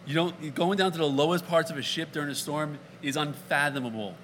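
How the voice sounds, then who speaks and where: Bright-voiced man preaching a sermon. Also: on the high side, fairly quick, slight background noise. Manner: conversational, jokey asides, acts out dialogue. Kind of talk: sermon with scripture reading.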